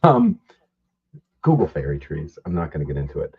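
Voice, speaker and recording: A man's voice: rumbling low, wildly swooping pitch, normal speed, breathy edge, narrow, tinny audio. A man co-hosting a podcast, telling rambling, profane stories in casual chat. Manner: rambling, profane storytelling with laughs. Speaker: podcast co-host.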